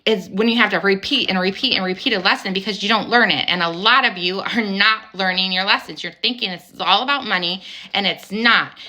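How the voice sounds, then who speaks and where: A woman speaking to her viewers in a heated spiritual monologue, her bright, forceful voice pressing every point. She swears casually and keeps hammering rhetorical questions, voice pitched in an ordinary middle range. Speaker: spiritual vlogger. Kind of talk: angry spiritual monologue to camera.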